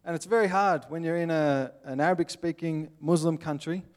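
Casting: Australian male preacher, plainspoken and earnest, voice slightly high. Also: brisk. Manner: earnest, plainspoken, acts out little scenes. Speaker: pastor. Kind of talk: sermon.

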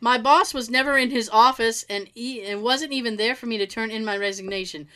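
Bright-voiced woman reading stories. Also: fairly high pitch, a little fast. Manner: laughs often, quips between stories. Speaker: storyteller reading listener stories. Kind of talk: casual story reading with asides.

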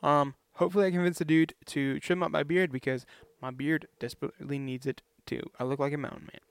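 A man's voice: a little high, flat delivery, fast, gravelly, clear, resonant tone. A young man vlogging in a casual, rambling way, chatty and self-deprecating.

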